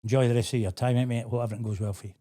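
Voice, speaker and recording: A man's voice: mid-range voice, steady tone, rapid-fire, mellow. A man hosting a casual interview, chatty and quoting others in his anecdotes. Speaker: host.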